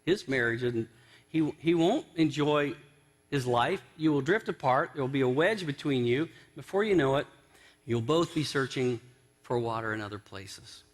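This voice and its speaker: A man's voice: mid-range voice, normal speed. Man preaching a conversational sermon. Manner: conversational, storytelling with acted quotes. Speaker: pastor. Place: church sanctuary.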